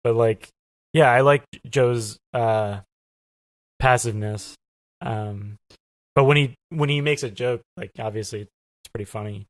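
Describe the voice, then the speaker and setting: A man guest in a casual interview, talking softly with many fillers and pauses. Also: medium pitch, no room sound. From lives in Los Angeles. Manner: soft-spoken, lots of fillers and hesitations. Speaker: podcast guest.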